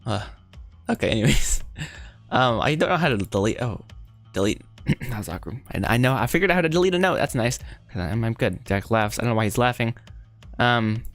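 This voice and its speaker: A man livestreaming as he rewrites his animated film script, thinking aloud in a rambling, self-deprecating way that easily goes off track. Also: mid-range voice, brisk, soft background music. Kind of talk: casual live-stream thinking aloud.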